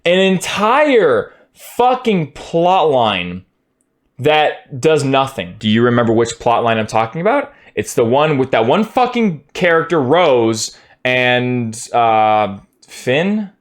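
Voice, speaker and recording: A man streamer ranting his opinion in a casual, profane, heated way, at times breaking into shouts. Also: mid-range voice, expressive, unhurried, hardly any pauses.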